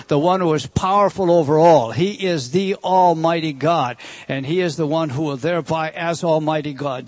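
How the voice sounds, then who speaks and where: A high-pitched man preaching through a scripture passage, talking to his listeners conversationally and leaning hard on key words. He slows right down to read the verses aloud with weight. The sound is dry and close, with no room echo. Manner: conversational, emphatic, rhetorical questions; reads scripture slowly and deliberately. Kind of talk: expository sermon on scripture.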